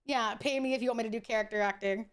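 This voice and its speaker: A woman's voice: a little high, fairly even intonation, quick pace. A woman streamer chatting casually while gaming, blunt, profane and opinionated. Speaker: VTuber streamer.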